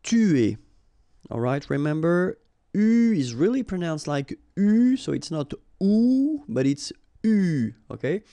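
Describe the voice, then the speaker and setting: A man's voice: fairly high pitch, very animated, moderate pace, dark tone, no echo. A man with a French accent, a native French speaker, teaching vocabulary and patiently drilling pronunciation, checking in with the learner after each word.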